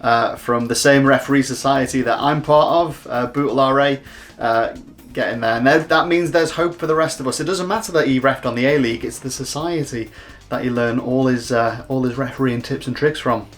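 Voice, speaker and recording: A man's voice: mid-range voice, a little fast, faint music behind. Jokey self-deprecating male show host. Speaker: host of a refereeing round-up show. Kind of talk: casual comedic monologue.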